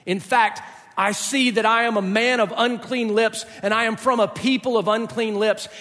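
A man's voice: sits high, steady tone, slow pace, voice pushed up, full character voice. A man voicing a terrified ancient male prophet, who cries out in panic. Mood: despairing. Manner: shouting in panic. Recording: long hall reverb.

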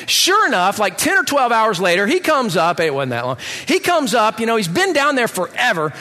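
A middle-aged man tells his testimony with a bright, forceful voice and a slightly high pitch. He tells the story in an animated, comic way. The sound carries a long hall reverb. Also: moderate pace. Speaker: speaker giving a personal testimony.

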